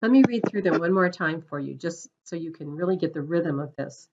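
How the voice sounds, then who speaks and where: A woman's voice: low-pitched, fairly quick, noisy background. A woman with a North American accent teaching pronunciation, carefully enunciating word pairs for learners to repeat. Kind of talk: slow, clear teaching delivery. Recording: slightly dull lo-fi audio.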